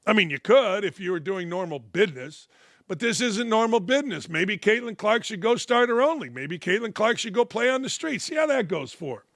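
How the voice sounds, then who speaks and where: A man's voice: high voice, lively intonation, fairly quick, a bit bright, no room sound, studio quality. Blunt, sarcastic older Midwestern man. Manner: blunt, sarcastic and heated, acts out anecdotes. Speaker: sports talk show host. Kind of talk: opinionated sports talk monologue. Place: studio.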